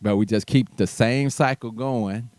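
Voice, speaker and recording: A man's voice: mid-range voice, a little slow, a little mellow, no room sound. A man hosting his own show, ranting bluntly and profanely in a heated commentary monologue with mocking asides. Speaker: show host.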